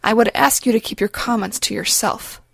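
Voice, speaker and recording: A stern older nun speaks firmly and with quiet gravity, as a woman reads her in an audiobook. The voice is a little high, and the recording is dry and close. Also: a little fast, vocal fry, breathy edge, dry recording. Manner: stern, firm and grim. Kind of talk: audiobook character reading.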